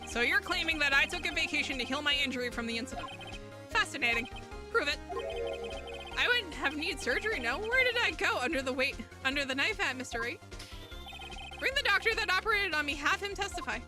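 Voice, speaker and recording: A woman's voice: sits high, lively intonation, a little fast, music in the background, pitched below the performer's own voice. A woman voicing a stern, arrogant older male prosecutor, reading his lines in a cold, dismissive manner. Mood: scornful.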